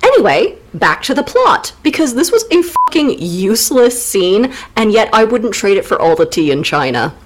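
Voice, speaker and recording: A woman's voice: a little high, sing-song, moderate pace, few pauses, slight background noise, rough recording. A woman co-hosting a literature podcast, her voice bouncing up and down as she tells the story. She is irreverent and playful, swears freely and slips into silly mock voices. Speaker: podcast co-host. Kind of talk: comedic literature recap.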